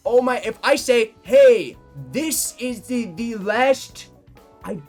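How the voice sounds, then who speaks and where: A man of about nineteen, a livestreamer chatting casually with his viewers, rambling and swearing, quick to fake outrage. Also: extremely high pitch, darkish tone, faint music behind.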